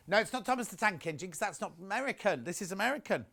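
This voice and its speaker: A man's voice: sits high, animated, racing, creaky, few pauses, pushed and bright. A man presenting a live home shopping broadcast, chatty and gushing, reading out viewer messages as he shows products.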